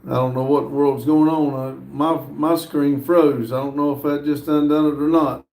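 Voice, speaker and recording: A man hosting a live stream, casually reading viewer comments aloud with frequent hesitant pauses. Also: fairly high pitch, steady tone, a little mellow, reverberant. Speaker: livestream host reading viewer chat.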